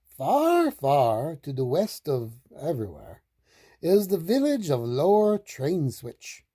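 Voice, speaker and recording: A woman reading children's picture books aloud in a slow, expressive, sing-song way. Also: low voice, slightly rough. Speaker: storytime reader.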